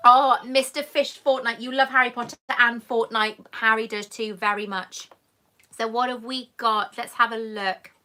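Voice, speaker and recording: A British woman hosts a live Q&A stream from home, chatting casually and warmly calling viewers "love" and "sweetheart." She's recorded on a camera mic mounted on a monopod. Her voice is a little high and steady in tone, with a sharp edge, at a normal speed.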